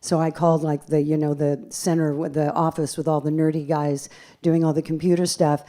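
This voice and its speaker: A woman pianist and bandleader telling lively, self-deprecating stories from a theater stage into a stage microphone between songs. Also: low-pitched, a little fast. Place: theater stage at a live concert.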